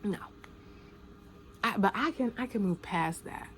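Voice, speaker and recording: A woman in mid-range pitch speaks off the cuff. Her talk is casual and full of slang. She stresses each point by repeating it and lets some words sink to a hushed, breathy near-whisper, over a faint background hiss. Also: lively intonation, slow pace. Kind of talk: casual spoken commentary.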